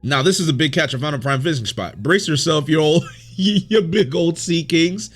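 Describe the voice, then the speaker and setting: A man's voice: a little high, lively intonation, a bit bright, faint music behind. Man reading as a boisterous old marine hero. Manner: read aloud from a comic, brisk.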